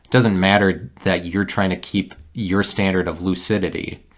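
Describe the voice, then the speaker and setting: A man hosting a solo podcast, talking in a meandering, halting way with many restarts and a wry, self-mocking streak. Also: low-pitched, flat delivery. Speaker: podcast host. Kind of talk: rambling solo podcast monologue.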